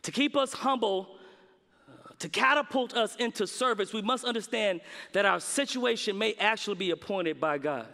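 A man delivers a sermon in a high, bright voice. He leans on dramatic pauses and repeats key lines for weight. Long reverb from a large hall trails every phrase. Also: gravelly. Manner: preaching with dramatic pauses and emphatic repetition. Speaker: preacher.

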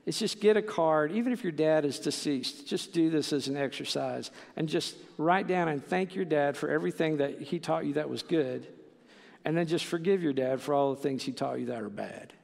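Casual male preacher, middle-aged, gravelly and slightly high, echoing through a church hall. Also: normal speed, darkish tone. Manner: conversational, with many fillers and "right?" asides. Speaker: pastor. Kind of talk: sermon.

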